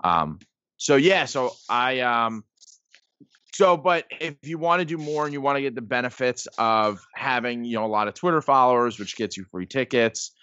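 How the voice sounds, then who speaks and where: A man in his thirties, appearing as a podcast guest, tells stories in a loose, rambling way, leaning heavily on "like" and "um." His mid-range voice is expressive, pushed and bright, clear and resonant, moving at a normal speed with no room sound. The recording itself is dull, lo-fi podcast audio.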